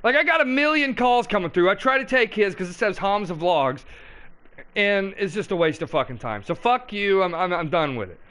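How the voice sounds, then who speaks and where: Guy hosting a call-in stream, kinda high voice, cussing nonstop, all over the place. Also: expressive, moderate pace, fairly bright tone. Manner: brash, profane, scattered and rambling. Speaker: call-in show host. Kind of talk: profane live call-in show chat.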